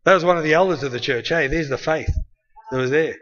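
Man, preacher, conversational sermon, tag questions, forceful tone, slightly high voice. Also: fast, dull audio.

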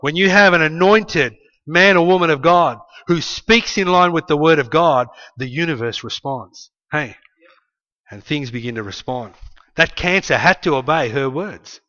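Brief: man, preacher, animated storytelling sermon, loud-soft swings, muffled sound. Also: fairly high pitch, moderate pace. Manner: emphatic, storytelling, frequent "hey" asides, swings from loud to quiet. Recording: dull lo-fi sound.

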